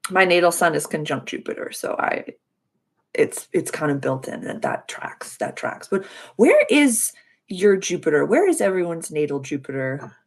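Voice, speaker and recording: Gushing gravelly-voiced woman host. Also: normal speed. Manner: effusive, gushing with frequent high excited exclamations. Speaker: astrology livestream host. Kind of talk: casual chat reading viewers' charts.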